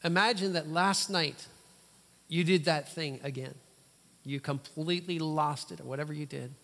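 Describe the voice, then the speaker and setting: A male pastor preaching with emphatic, dramatic pauses and sudden loud bursts. His voice sits fairly high for a man, and a long reverb trails each phrase through the church. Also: vocal fry. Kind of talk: sermon.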